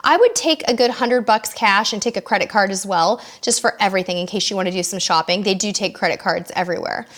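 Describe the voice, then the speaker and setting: Reading out viewer questions on a casual live-stream about cruises, this host answers in a friendly, talkative manner. Her voice sits at medium pitch with a fairly bright tone, and she talks quickly with hardly any pauses.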